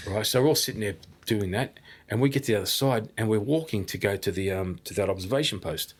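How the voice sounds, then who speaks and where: Husky guy on a podcast, excited storytelling, keeps restarting himself. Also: lowish voice, fast, few pauses. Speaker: podcast host. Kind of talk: casual storytelling chat.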